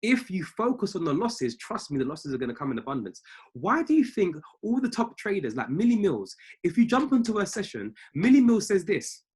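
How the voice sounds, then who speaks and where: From a family home, a trading mindset coach preaches emphatically to traders on a live call, circling back to the same key phrases. His voice is high-pitched and slightly rough, with a darkish tone. He's very animated and talks a little fast.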